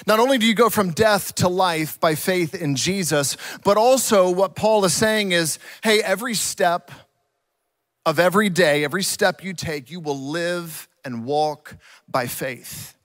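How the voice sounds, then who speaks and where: A man's voice: high-pitched, a little slow, fairly bright tone, no echo. A male pastor preaching a sermon, earnest and emphatic, repeating key words for weight.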